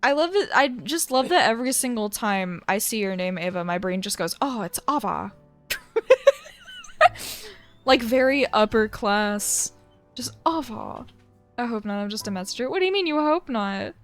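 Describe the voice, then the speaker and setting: A woman's voice: a little high, animated, moderate pace, soft background music. A woman streamer chatting casually with viewers in a rambling, giggly way. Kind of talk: casual chat.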